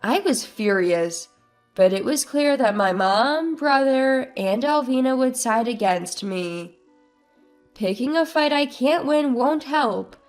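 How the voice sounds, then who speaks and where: A woman tells a first-person story in a slow, high voice. Her delivery is subdued and plaintive, with soft music under her. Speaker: narrator. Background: faint music.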